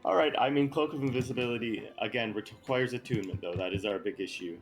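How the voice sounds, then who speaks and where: A man's voice: mid-range voice, fast talker, faint music behind. A young man playing a tabletop game and making wry, dry remarks. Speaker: player. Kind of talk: casual tabletop game chat.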